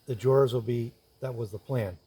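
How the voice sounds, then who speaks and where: A woodworker and video host narrates his work in the woodshop with a husky, dark, medium-pitched voice at normal speed and fairly even intonation. He thinks aloud casually, walking through each step as he does it.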